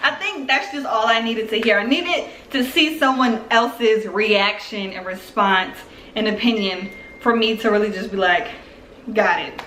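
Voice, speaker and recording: Young woman, high bright voice, chatty storytime vlog, roomy echo. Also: moderate pace, a little hiss or hum. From Philadelphia, US. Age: 20s. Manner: chatty, animated storytelling with frequent fillers. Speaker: YouTuber.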